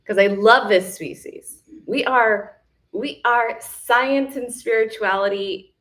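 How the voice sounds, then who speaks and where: A woman's voice: a little high, takes it slowly, fairly bright tone. Woman, live retreat host, motivational self-help talk, emphatic, casual, repetitive. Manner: casual, chatty.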